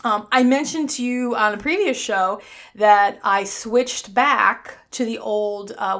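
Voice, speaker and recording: A woman's voice: on the high side, fairly bright tone. Chatty New York woman podcaster. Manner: chatty, upbeat, blunt and self-mocking. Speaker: podcast host. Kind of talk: solo weight-loss podcast chat.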